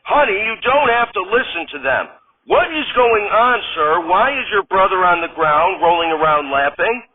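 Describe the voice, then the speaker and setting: A man voicing an indignant suburban husband who talks in a drawn-out way. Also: high voice, sing-song, slightly rough, voice pushed up, exaggerated voice. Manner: indignant, then drawn-out and dazed. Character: exasperated suburban husband, male, adult. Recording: tinny phone-like sound.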